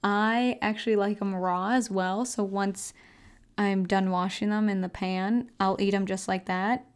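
A woman's voice: mid-range voice, steady tone, a little slow, clear, resonant tone. A young woman hosting a casual solo health podcast from home, chatting in a rambling way with lots of fillers and frequent laughs. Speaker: podcast host. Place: house, indoors.

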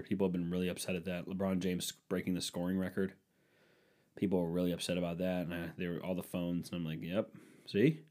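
A man's voice: deep voice, darkish tone. A young man hosting a solo podcast, ranting sarcastically and crudely in a rambling way. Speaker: podcast host. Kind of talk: solo comedic rant.

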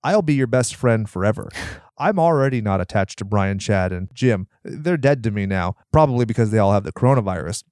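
A man's voice: medium pitch, darkish tone, no room sound, clean studio sound. A nasal-voiced man hosting a podcast, rambling through plugs with crude jokes and self-deprecation. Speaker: podcast host. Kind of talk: casual podcast outro and plugs.

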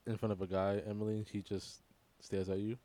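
Fast-talking teasing man host. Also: fairly low pitch, flat delivery, mellow, a little hiss or hum. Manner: fast, teasing, profane slang. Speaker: podcast host. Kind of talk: casual chat.

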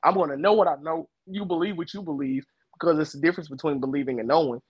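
A man's voice: fairly high pitch, quick pace, breathy edge, no room sound, muffled recording. Man telling faith stories, dry close sound. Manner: storytelling, explains with personal examples. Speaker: co-host. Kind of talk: casual faith discussion.

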